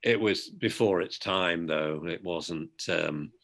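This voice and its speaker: A man with a British accent, a dog behaviour expert giving an outspoken, lively interview. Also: low-pitched, slow pace, gravelly. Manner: outspoken, animated storyteller. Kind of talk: conversational interview.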